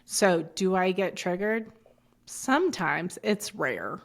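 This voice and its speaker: Gravelly low-voiced woman, 40s, blunt and sweary, rambles off on tangents. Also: very animated, slow. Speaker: podcast guest. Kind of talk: casual chat.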